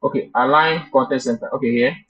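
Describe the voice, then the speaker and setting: A man's voice: mid-range voice, brisk, slightly rough. A man teaching a live coding class, thinking aloud as he debugs and chatting with his students. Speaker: coding instructor. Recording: muffled lo-fi class recording.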